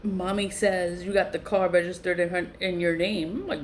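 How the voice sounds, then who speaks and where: A woman, telling her story in a low voice that jumps high whenever she is incredulous. She swears freely and talks bluntly. Faint hiss sits under her voice. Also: moderate pace. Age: 40s. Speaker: vlogger. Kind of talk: casual storytelling to camera.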